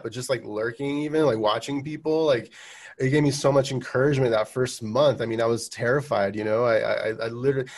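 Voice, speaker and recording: A man in his thirties, a roofing business owner, talking as a guest in a casual podcast interview, full of restarts and fillers. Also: medium pitch. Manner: halting, many restarts and fillers.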